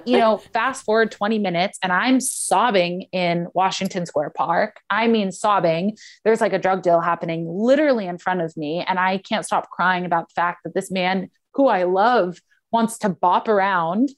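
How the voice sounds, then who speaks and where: A woman's voice: medium pitch, moderate pace. A young woman in casual chat, telling a personal story and acting out the lines of others. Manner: animated storyteller, acts out quotes.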